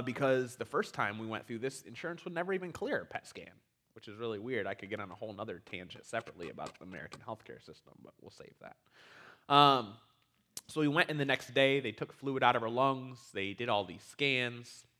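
A man's voice: medium pitch, lively intonation, fairly quick, sharp tone. A young adult man, a guest teacher, candidly telling a personal story to a congregation and acting out the dialogue. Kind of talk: personal story in a church talk.

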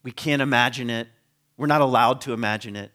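A man's voice: medium pitch, a little fast, bright, forceful tone. Chatty man musing on scripture. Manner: conversational, laughs often, trails off and restarts; rhetorical questions to listeners. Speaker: speaker on biblical history. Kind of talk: informal teaching talk.

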